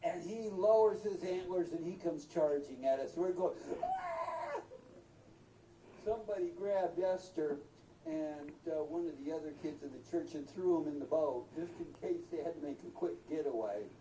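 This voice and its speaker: An older storyteller telling a folksy tale aloud, animated and acting out voices and sounds, recorded from a distance in a roomy space. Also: medium pitch, normal speed. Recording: roomy, distant mic, faint noise.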